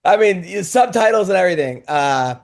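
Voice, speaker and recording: A man's voice: sits high, animated, brisk. A middle-aged man hosting a comedy podcast, telling rambling anecdotes full of restarts in casual banter. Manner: rambling storyteller with many restarts.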